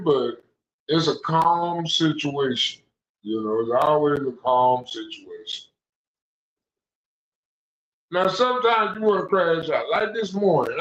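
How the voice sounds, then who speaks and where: A young man hosting a casual livestream panel, telling stories in an animated, slangy way. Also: on the high side. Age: young adult. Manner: animated ranting storyteller, slangy. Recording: echoey, dull lo-fi audio.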